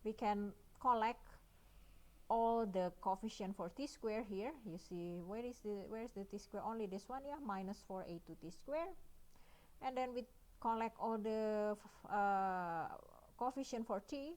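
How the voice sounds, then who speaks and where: A woman's voice: medium pitch, measured pace, darkish tone. Woman, indonesian accent, math lecturer, recorded lecture, explains step by step, keeps asking right. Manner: frequent "yeah" and "right?" check-ins, step-by-step explaining.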